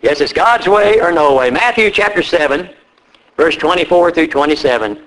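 A man preaching a sermon, reading scripture slowly and repeating key phrases with rising emphasis. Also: a little high, expressive, a bit bright, rough recording. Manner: reads scripture aloud slowly.

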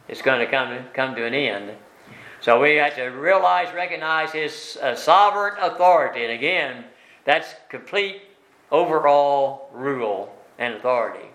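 A man leads a Bible study in a bright, forceful voice, recorded in an echoey room. His speech is plain and folksy, with frequent "uh"s and rhetorical questions aimed at the group. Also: a little high, lively intonation, normal speed. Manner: asks rhetorical tag questions. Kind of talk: conversational Bible teaching.

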